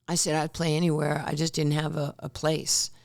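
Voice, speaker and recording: A woman's voice: deep voice, moderate pace, vocal fry. A woman in her sixties, a former basketball player, telling stories as a podcast guest and acting out the quotes. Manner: animated storyteller who acts out quotes. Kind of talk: storytelling in a podcast interview.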